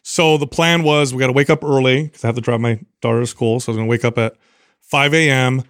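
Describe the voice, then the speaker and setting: A man telling a long, rambling story on a podcast, animated and loose with his swearing. His voice sits in the middle of the male range. The sound is dry and close, with no room around it. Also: mid-range voice, fast talker, clear, resonant tone, dry recording. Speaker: podcast co-host. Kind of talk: casual storytelling chat.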